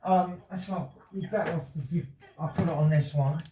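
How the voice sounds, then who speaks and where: A man with a high voice rambles insistently through his complaint, agitated and pressing his point. He sounds roomy and distant from the microphone. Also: fairly quick, mellow, slight background noise. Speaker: resident making a complaint. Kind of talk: conversation with police. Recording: roomy, from far off the mic.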